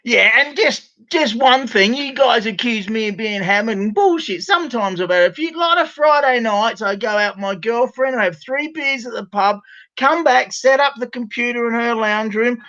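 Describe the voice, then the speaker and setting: Australian guy, high voice, rowdy and profane, dull lo-fi call audio; show regular on a video call. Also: normal speed. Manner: loud, rowdy, swears freely. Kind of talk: casual video call chat. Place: bedroom at home.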